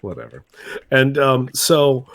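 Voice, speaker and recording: A man of medium pitch hosts a podcast in relaxed, casual chat. He sets up each segment and keeps the jokes coming. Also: slow pace, creaky, no room sound. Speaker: podcast host.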